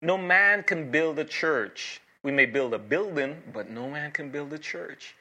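A pastor delivers an evening sermon with a bright, forceful tone and a slightly high voice. He preaches earnestly and emphatically, leaning on dramatic pauses and repeating key phrases for weight. His delivery rises and falls between urgent appeals and quiet, reassuring moments. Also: lively intonation.

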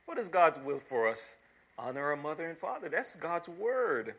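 A man's voice: fairly high pitch, sing-song, moderate pace, fairly bright tone, slightly rough. A man preaching a sermon as pastor, reading scripture and stressing key words with repeated phrases.

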